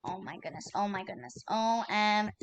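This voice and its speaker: A young woman hosting her own gaming channel, giving casual gameplay commentary in an excitable way, repeating exclamations and using lots of fillers. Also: mid-range voice, moderate pace, gravelly. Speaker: gaming YouTuber.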